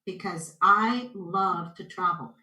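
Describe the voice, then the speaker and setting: A Canadian woman, a guest, chatting in a lively storytelling way on a video call and acting out the voices in her stories. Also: lowish voice, takes it slowly. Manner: animated storyteller, acts out quotes. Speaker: guest intuitive. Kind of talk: casual interview chat. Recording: echoey room.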